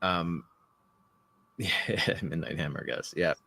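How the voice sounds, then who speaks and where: A man co-hosting a live podcast, talking in a rambling, animated way and swearing often. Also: low-pitched, drawn-out words, vocal fry. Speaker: podcast co-host. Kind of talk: casual political chat. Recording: live stream call.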